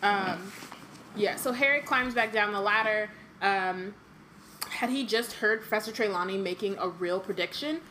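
A woman's voice: mid-range voice, normal speed, pushed and bright, a little hiss or hum, poor audio. A woman reading a book aloud with frequent filler ums and joking asides, in a casual chat. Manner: reads passages with many filler ums and asides. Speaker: podcast co-host reading aloud.

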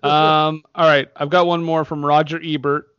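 A man's voice: a little high, flat delivery, moderate pace, a bit bright, clear, resonant tone, no echo, muffled recording. A man hosting a casual movie podcast, laughing often as he reads reviews aloud. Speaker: podcast host.

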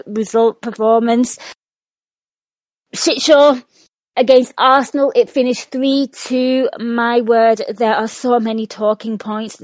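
A woman hosts a casual podcast, frank and lively, cursing without a second thought. Her voice sits a little high. The sound is dry and close. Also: no room sound. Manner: frank, animated and swearing freely. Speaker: podcast host. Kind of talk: casual post-match podcast chat.

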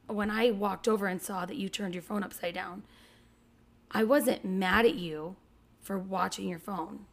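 A woman's voice: mid-range voice, a little slow, creaky. A woman in her thirties, a podcast co-host and mother, chatting casually and acting out her kids' lines as she tells a story. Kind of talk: casual chat.

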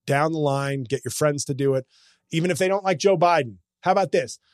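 A man's voice: fairly high pitch, a little fast, no room sound, clean studio sound. A man hosting a casual comedy podcast, talking in a sarcastic, ranting, self-mocking way.

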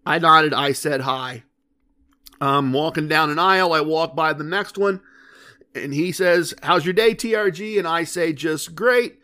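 Podcast host: man, high-pitched voice, chatty storytelling monologue with rhetorical questions. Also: a little slow, pushed and bright. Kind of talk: casual monologue.

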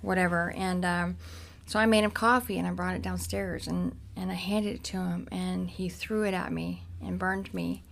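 A woman from Cincinnati, a podcast guest, frankly and haltingly recounting her own past with many restarts. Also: fairly low pitch, fairly even intonation, vocal fry. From Cincinnati, United States. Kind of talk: candid personal storytelling.

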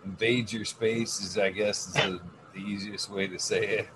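A man's voice: lowish voice, flat delivery, normal speed, noisy background. A man chatting casually, telling a rambling, profane story and acting out what he said. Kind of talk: casual chat. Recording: music playing behind.

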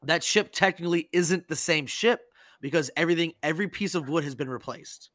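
A man hosting a podcast, telling stories in a casual, animated and profane way and acting out the people he quotes. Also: a little high, fairly quick, dry recording. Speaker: podcast host. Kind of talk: casual storytelling chat.

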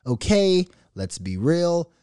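A man's voice: on the high side, very animated, slow pace, warm tone, clean tone, dry recording, clean studio sound. A man from Minnesota hosting his own show, ranting casually in a mocking, profane way and laughing often. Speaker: show host. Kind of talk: casual solo rant.

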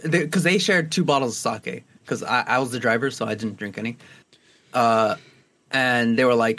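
A young adult podcast co-host, his medium-pitched voice a bit bright, talks at normal speed in casual conversation. He tends to ramble, with plenty of fillers and restarts.

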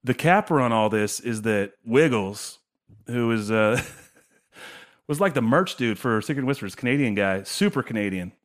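A man who is a guest on a podcast tells stories in an animated way. He slips into the voices of the people he quotes. His pitch sits in the middle range. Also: normal speed. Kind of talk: casual chat.

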